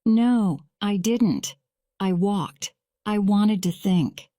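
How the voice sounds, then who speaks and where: A woman voicing a young man being questioned in court, speaking in a slow, measured storybook reading. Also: mid-range voice, mellow, no echo, clean studio sound. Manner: measured, slow graded-reader delivery.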